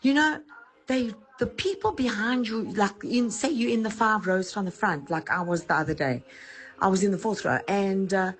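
A woman's voice: mid-range voice, normal speed. A woman, ranting emphatically in a voice note about plane etiquette. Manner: exasperated, emphatic. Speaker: caller sending a voice note.

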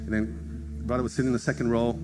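A man preaches to his congregation in a loose, conversational way, joking around as he tells stories. He slips into other people's voices to act out the conversations. Guitar music plays clearly behind him. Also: mid-range voice, rapid-fire. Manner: animated, acts out dialogue in shifting voices. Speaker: pastor. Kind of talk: sermon storytelling. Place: church service in front of a congregation. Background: guitar music from the worship team.

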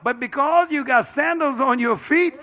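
Man, bishop preaching, very high voice, bright tone, fervent sermon, amen after amen. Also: moderate pace. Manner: impassioned preaching with frequent amens and calls to the congregation. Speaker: bishop and pastor.

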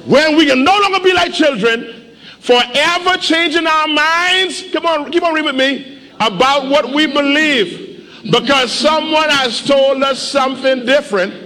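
A man pastor preaching a sermon in a church, animated and urging the congregation to respond. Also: very high voice, unhurried, long reverb tail. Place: church sanctuary.

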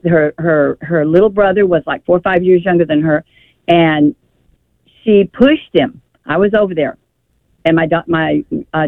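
A woman's voice: on the low side, no echo. An older woman calling a radio show, telling a family story in an emotional, rambling way. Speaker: caller. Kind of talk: call-in radio conversation. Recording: tinny phone line.

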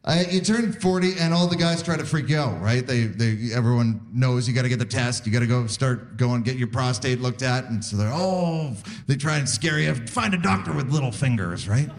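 A stand-up comedian in his forties from Saskatoon, Canada, performs a live set in a mid-range voice at a moderate pace with few pauses. He tells his stories animatedly, acting out the voices of the people he quotes.

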